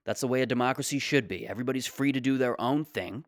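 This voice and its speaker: A man's voice: mid-range voice, animated, fast talker, hardly any pauses, dry recording, studio quality. A man in his late twenties hosting a solo podcast, talking casually in a rambling, joking, self-deprecating way. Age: 20s. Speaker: podcast host.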